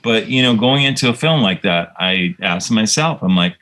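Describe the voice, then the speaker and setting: A low-pitched man talks casually as a guest in an interview. He tells reflective, rambling stories about his work, full of fillers and restarts. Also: animated, moderate pace, few pauses, bright, forceful tone, low-quality recording. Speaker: composer guest.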